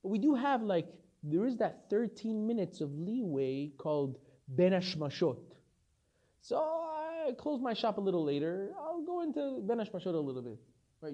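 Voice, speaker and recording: A man's voice: sits high, normal speed, dull audio. A man teaching a Torah lesson as a rabbi, telling stories with animation and acting out the dialogue. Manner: animated storytelling, acts out dialogue.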